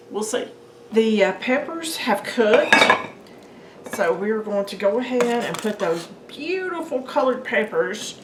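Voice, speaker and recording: A woman's voice: medium pitch, a little hiss or hum. A woman hosting a home cooking video, chatting casually to her viewers as she works in her kitchen. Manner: chatty, talks to viewers as guys and folks. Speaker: home cooking channel host. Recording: echoey kitchen room. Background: clinking dishes and utensils.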